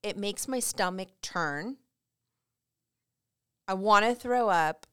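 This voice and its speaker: A woman's voice: medium pitch, slow pace, pushed and bright, smooth, no room sound, clean studio sound. A woman from California co-hosting a podcast, talking in a heated, emotional, outspoken way. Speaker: podcast co-host. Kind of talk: casual chat.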